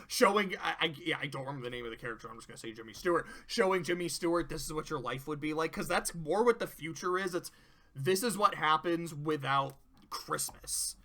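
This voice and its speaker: A man talking casually as he reviews cartoon episodes, excited, swearing a lot and breaking into laughter. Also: a little high, brisk. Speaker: video reviewer. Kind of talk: casual commentary.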